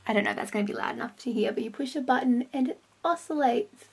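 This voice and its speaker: Chatty young woman, gravelly edge. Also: fairly high pitch, fast. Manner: chatty, rambling with self-corrections. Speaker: vlogger. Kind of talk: casual makeup tutorial vlog. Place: home, indoors. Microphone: camera on a stand close by.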